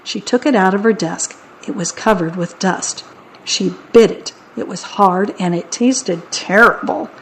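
A woman narrating a children's audiobook in a wry, deadpan way. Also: mid-range voice, a little slow, slight background noise, low-quality recording.

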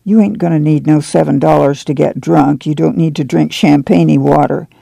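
A man reading the lines of a weary farm father, gruff and plain-spoken in rural dialect. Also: on the high side, fairly even intonation, moderate pace, dark tone, no room sound.

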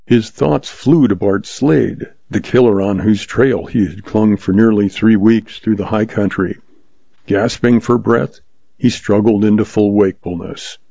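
A man with a low, dark, husky voice reads pulp western stories in a steady, measured way. The recording is dry and dull, with a lo-fi sound. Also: no echo. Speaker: story reader, host.

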